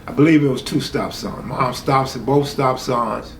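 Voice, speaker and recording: A man's voice: medium pitch, normal speed, gravelly. A man, hosting a stream and telling a true story in casual, profane street talk, raising his voice when he quotes people. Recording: echoey room, faint background hum.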